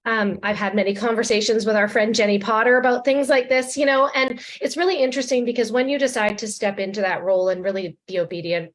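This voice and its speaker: A woman's voice: a little high, fairly even intonation, fast talker, few pauses. A woman hosting a podcast, talking in an emotional, heartfelt and encouraging way. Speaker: podcast host. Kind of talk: heartfelt conversation.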